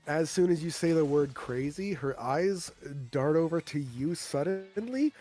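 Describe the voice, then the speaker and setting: A man's voice: a little high, lively intonation, a little slow, mellow, faint music behind. Casual male game master narrating.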